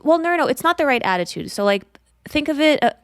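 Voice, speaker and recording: A woman's voice: sits high, big pitch swings, quick pace, dry recording, clean studio sound. A woman co-hosting a podcast, earnestly explaining a point with worked examples in casual chat. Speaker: podcast co-host.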